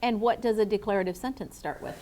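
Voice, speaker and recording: Over a noisy background, a mid-range female voice talks fast as a teacher runs a grammar review. She patiently questions the class and calls on students by name, addressing both them and viewers.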